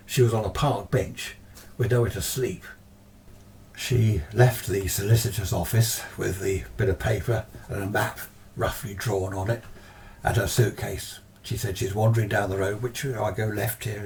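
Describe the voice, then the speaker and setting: A man's voice: on the low side, a little mellow, distant mic, slight background noise. A man retelling a ghost story in a casual, meandering way as the storyteller.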